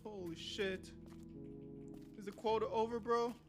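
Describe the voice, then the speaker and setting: A man's voice: high voice, steady tone, a little slow, music in the background. A young man streaming a game live, swearing and talking nervously to his chat as he plays. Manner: jittery, swearing, talks to chat. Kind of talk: live gameplay commentary.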